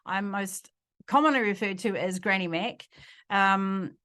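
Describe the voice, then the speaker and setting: Older New Zealand woman, playful guest, chatty with easy laughter, medium pitch. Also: a little slow, a bit bright. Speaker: guest author. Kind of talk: casual interview chat.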